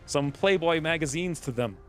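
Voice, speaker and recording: A man's voice: on the high side, moderate pace, faint music behind, lightly acted. A man imitating a friendly, toothless older drifter he met, asking blunt questions in a raised voice. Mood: chatty.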